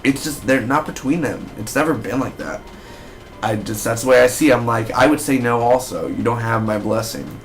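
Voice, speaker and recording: A man giving a casual spoken review of a TV episode, rambling and excitable with lots of fillers. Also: medium pitch, normal speed, soft background music. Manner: rambling, excitable fan talk with many fillers.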